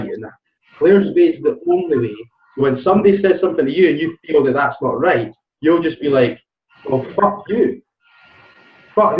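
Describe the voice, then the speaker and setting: A man coaching on a call, blunt and swearing as he presses with questions. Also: medium pitch. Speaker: life coach. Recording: tinny phone line, distant and echoey.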